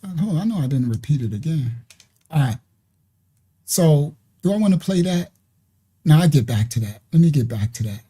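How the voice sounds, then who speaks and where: Mellow-voiced man preaching commentary. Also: fairly high pitch, expressive, moderate pace, long pauses, breathy edge, faint music behind. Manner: preachy, conversational, with frequent asides and checks like "you understand?". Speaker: online ministry commentator. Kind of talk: commentary reacting to played clips.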